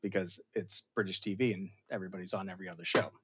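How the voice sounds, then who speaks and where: A man hosting a casual episode review, animated and chatty, often slipping into playful voices for the characters. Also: low voice, racing, slightly rough. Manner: animated, acts out characters' lines in funny voices. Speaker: show host. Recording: slightly dull, lo-fi sound.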